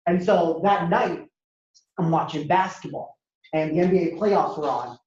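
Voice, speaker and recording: A young man from Ohio telling stories as a stand-up speaker, acting out characters with sudden jumps in pitch. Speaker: comedian and speaker. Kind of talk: storytelling stand-up talk to an audience. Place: university lecture hall. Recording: echoey hall, dull lo-fi sound.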